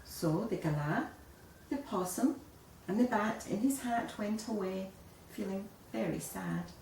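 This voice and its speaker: A woman reading a children's picture book aloud in an expressive storytelling manner. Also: medium pitch, measured pace, creaky, slight background noise. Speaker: storybook reader. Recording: echoey room, voice a bit far off.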